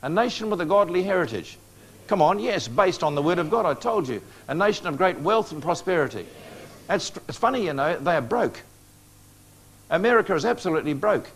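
Slightly high-voiced man preaching to a crowd. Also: animated, fairly quick. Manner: coaxes the audience with questions and joking asides. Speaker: preacher lecturing on prophecy. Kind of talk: lecture to a live audience.

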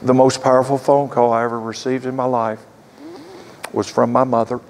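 A man's voice: medium pitch, level tone, normal speed, darkish tone, slight background noise. An older man in his sixties, a pastor preaching a sermon as an earnest storyteller. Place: church sanctuary. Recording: echoey church hall.

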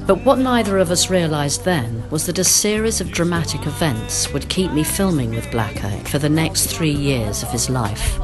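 Low-voiced woman narrating over music. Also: expressive, normal speed, hardly any pauses. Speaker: documentary filmmaker and narrator. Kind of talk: scripted documentary narration.

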